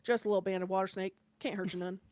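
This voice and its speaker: A woman putting on the voice of a deadpan, emotionless little country boy of about eight, who answers in short, flat, clipped lines. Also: medium pitch, quick pace, no echo, pitched below the performer's own voice, natural voice.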